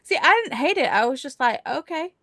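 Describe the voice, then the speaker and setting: A woman's voice: high voice, big pitch swings, fast talker, bright, forceful tone, no room sound, clean studio sound. A woman co-hosting a casual reading livestream, chatty and joking, often laughing along.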